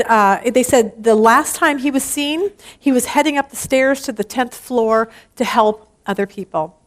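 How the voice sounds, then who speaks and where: A woman with a high voice teaches a church Bible study group. She speaks earnestly and presses her points home with emphatic urging, often restarting mid-sentence.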